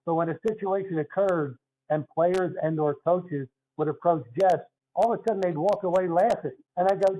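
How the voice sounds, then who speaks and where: A man's voice: high voice, normal speed, mellow, highs cut off. An older man with a Philadelphia accent, a guest telling stories in an earnest, conversational way. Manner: earnest, storytelling. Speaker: guest, retired basketball referee. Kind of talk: casual interview talk.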